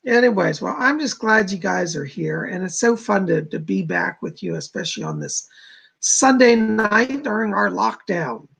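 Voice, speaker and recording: A man's voice: high voice, sing-song, moderate pace, vocal fry, a bit bright, husky. A man hosting a casual livestream as a psychic, chatting loosely and reading out viewers' messages. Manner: chatty, rambling, reads chat aloud. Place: home studio.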